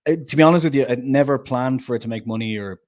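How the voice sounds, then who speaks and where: A man's voice: medium pitch, fast, a little mellow. Irish guy on a podcast, chatty, laughs a lot telling stories. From Ireland. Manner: chatty storyteller, laughs often. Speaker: guest, documentary maker. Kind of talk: casual podcast chat.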